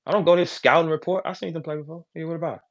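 A man hosting a live audio call, trash-talking loudly and then turning low and calm. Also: very fast. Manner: loud, brash trash talk, swings to low calm. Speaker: battle rap host.

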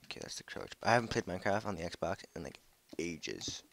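Deep, gravelly young man gaming. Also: brisk, a little hiss or hum. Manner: excitable, swears a lot, jumpy. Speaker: gaming video creator. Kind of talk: casual gameplay commentary. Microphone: headset mic.

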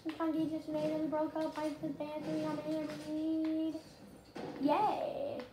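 A woman giving casual, rambling gameplay commentary, getting excitable and shouting at the game. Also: high-pitched, unhurried. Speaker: gaming channel host. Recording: roomy and noisy.

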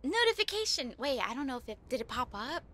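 A woman streaming a horror game, giddy and excitable, laughing often as she thanks her viewers. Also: a little high, fast, a little hiss or hum. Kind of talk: live gameplay commentary.

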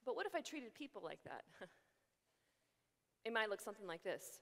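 A woman who is a religious sister, giving a humorous keynote talk and telling stories in a lively, animated way. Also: medium pitch, moderate pace, long pauses. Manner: lively, animated storyteller acting out voices. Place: large conference hall. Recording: echoey large hall.

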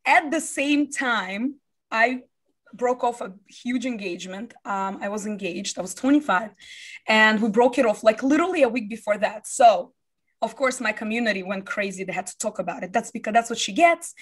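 A woman in her thirties from the USA, a business founder telling her life story in an interview, animated and acting out what people said. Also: fairly high pitch, moderate pace, slightly rough. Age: 30s.

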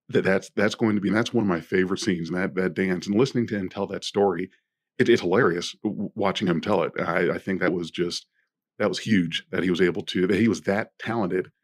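A man co-hosting a podcast, talking thoughtfully in a halting casual way with frequent restarts. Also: sits low. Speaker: podcast co-host.

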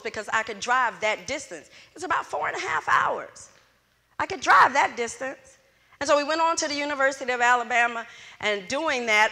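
A middle-aged woman from Louisiana, USA, high-pitched, delivers the closing motivational speech at a student event. Animated, she acts out the dialogue of her story, and the hall full of students sounds echoey.

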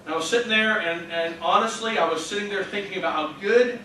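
High, bright-voiced preacher in echoey church. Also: male voice, fast talker. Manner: earnest, heartfelt preaching with interjected praise. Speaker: pastor. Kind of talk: sermon with personal story. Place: church sanctuary. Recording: echoey church from a distance, faint hum.

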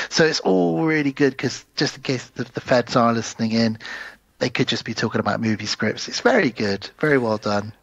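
A man's voice: mid-range voice, brisk, gravelly, a bit bright, no room sound, muffled recording. A man co-hosting a podcast, recapping film scenes in casual chat and acting out the lines. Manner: retells scenes with quoted character voices. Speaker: podcast co-host.

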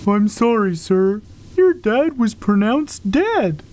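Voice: medium pitch, sing-song, takes it slowly, darkish tone, a little hiss or hum. A synthetic woman's voice reading dad jokes aloud in a sing-song, bouncy way.

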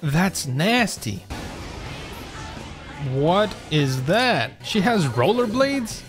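A man's voice: sits high, very animated, extremely slow. Joking young man playing a game. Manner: joking, reads game lines aloud in put-on voices. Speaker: gaming YouTuber. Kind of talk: comedic let's-play commentary. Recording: game music underneath. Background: faint game music.

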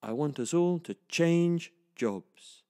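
Guy doing a squeaky fretful lady sparrow, storybook style, mellow tone underneath. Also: expressive, slow pace. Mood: complaining. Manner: high, shrill and pleading. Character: fussy little female sparrow bird. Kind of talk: storybook reading.

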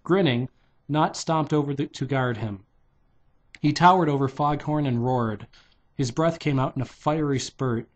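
A man's voice: mid-range voice, a little slow. A man reading a children's novelization aloud in a loose, unpolished way, stopping to redo lines. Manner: loose, unpolished delivery with restarts and "take two" retakes. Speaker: reader.

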